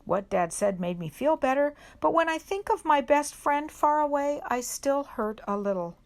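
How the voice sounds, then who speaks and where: Woman reader, slightly high voice, gentle storybook read-aloud for kids, unhurried, pauses on questions. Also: animated. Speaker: reader at a children's worship service. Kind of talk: reading a children's picture book aloud.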